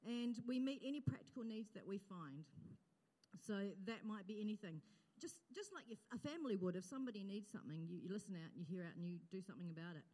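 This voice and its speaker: A woman who leads church outreach speaks to a congregation in a large auditorium, her voice trailing into long hall reverb. Medium-pitched, warm and expressive, she talks quickly in a chatty, grateful way, with fillers and laughter.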